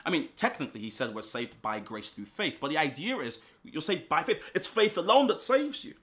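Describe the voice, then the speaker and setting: Animated male preacher. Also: on the high side. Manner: animated, emphatic, with quick restarts and asides. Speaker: pastor. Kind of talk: sermon.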